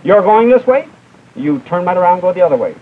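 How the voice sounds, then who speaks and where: A man's voice: sits high, sing-song, fairly quick. A young man preaching a televised sermon with fervent, emphatic delivery, rising and falling as he drives each point home. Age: young adult. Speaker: evangelist preacher. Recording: tinny old broadcast recording with faint hiss.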